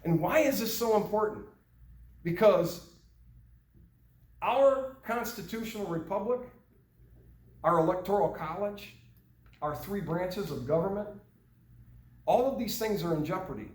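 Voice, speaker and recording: A man's voice: high voice, expressive, a little slow, long pauses, darkish tone, recorded from a distance. An older man giving an earnest talk to a meeting group, posing rhetorical questions. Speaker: meeting speaker. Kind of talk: speech to a small group. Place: meeting room. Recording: echoey room, mic from afar.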